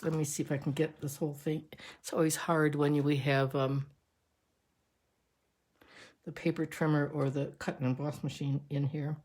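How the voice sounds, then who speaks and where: A crafting demonstrator leads a relaxed tutorial on a craft project, chatting and thinking aloud with fillers as she works. Her voice is fairly low and picks up some room echo, with slight background noise.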